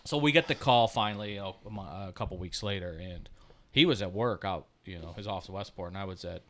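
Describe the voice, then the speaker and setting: A man, telling rambling, profane stories on a podcast, loud when he laughs and hushed when he turns reflective. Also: low-pitched, fast talker. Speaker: podcast co-host. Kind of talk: casual storytelling chat.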